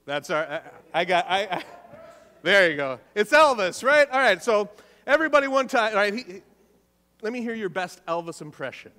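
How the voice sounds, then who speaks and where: A man's voice: high voice, sing-song, moderate pace, pushed and bright. A man preaching a sermon as pastor in a church, emphatic, repeating key phrases and putting questions to the congregation. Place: church sanctuary. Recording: long church reverb.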